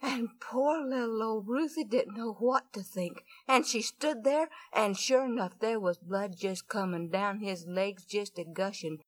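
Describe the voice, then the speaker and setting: A woman's voice: mid-range voice, measured pace, hardly any pauses. A woman telling a folksy story in a chatty way, with many asides to her listeners.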